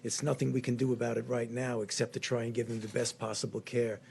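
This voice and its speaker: An older man giving measured, clinical explanations at a press briefing, speaking into a podium microphone. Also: mid-range voice, little pitch movement, gravelly, a little mellow, breathy edge. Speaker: public health official at a briefing. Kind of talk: spoken press briefing remarks. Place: briefing room.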